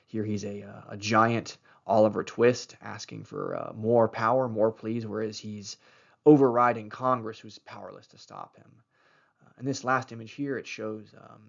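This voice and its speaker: A man's voice: fairly low pitch, gravelly, lo-fi sound. A man giving a recorded history lecture over slides, talking loosely with many fillers and restarts.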